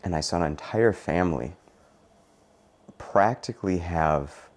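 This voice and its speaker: A man hosting a podcast in casual conversation, emphatic and animated when telling his own stories. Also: sits low, measured pace. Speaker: podcast host.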